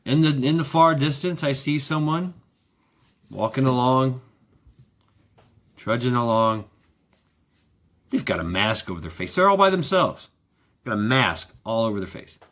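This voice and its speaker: A man's voice: medium pitch, lively intonation, unhurried, long pauses, fairly bright tone. A man vlogging in a sarcastic ranting monologue, repeating himself, swearing freely and firing off rhetorical questions.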